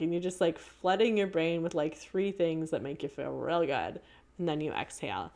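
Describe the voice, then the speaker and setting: A woman's voice: low-pitched, normal speed, gravelly, darkish tone. A woman giving a casual, earnest talk full of anecdotes, with many fillers and restarts. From Canada. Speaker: presenter on children's mindfulness.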